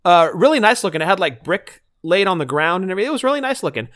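A man co-hosting a podcast, telling stories in relaxed chat with lots of fillers and acted-out quotes. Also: sits high, rapid-fire. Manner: animated storytelling with fillers. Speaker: podcast co-host. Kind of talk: casual chat.

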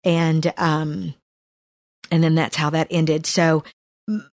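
A woman's voice: deep voice, level tone, slow, no echo, studio quality. Earnest woman telling her story. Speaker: podcast co-host. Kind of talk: sharing a personal testimony.

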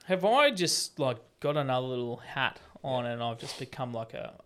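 Man, thirties, podcast co-host, jokey, animated storyteller, average pitch. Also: moderate pace, a little hiss or hum. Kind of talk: casual chat.

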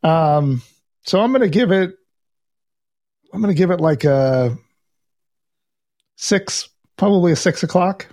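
An easygoing man chatting on a podcast. His voice sits a little higher than most men's, and he talks in a plain, relaxed way. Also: measured pace, long pauses. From Northern California. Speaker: podcast co-host. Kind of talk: casual chat.

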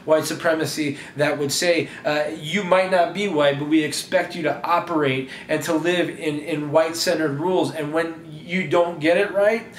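A man preaches in a lively, conversational way, often restarting and repeating words. His voice sits a little high. The recording is roomy and echoey, with faint ambience behind him. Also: normal speed, few pauses, slight background noise. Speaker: pastor. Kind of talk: sermon.

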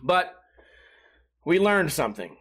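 High-voiced profane young man rambling. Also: sing-song, slow pace, a bit bright, slightly rough. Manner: rambling, profane, self-mocking. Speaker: podcast host streaming live. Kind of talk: casual solo podcast storytelling.

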